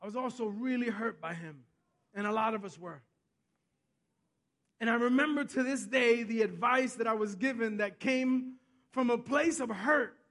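A man preaching a sermon as pastor, telling stories and asking "Amen?", swinging between hushed and loud. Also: extremely high pitch. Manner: storytelling, repeats himself, asks the congregation "Amen?".

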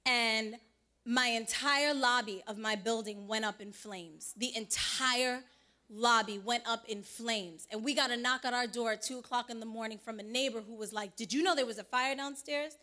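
A woman giving a personal testimony at church, telling her story in an animated way and voicing the people she quotes. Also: a little high, moderate pace. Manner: animated storytelling, quoting others in lively voices.

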